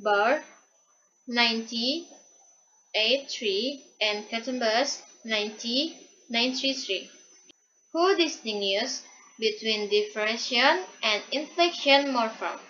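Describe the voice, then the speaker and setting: Young woman student, reading a class presentation, unhurried and halting, bright and slightly high voice. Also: slight background noise. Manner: reads a prepared script haltingly, with repeated restarts. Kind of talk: read-aloud class presentation. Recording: dull lo-fi recording.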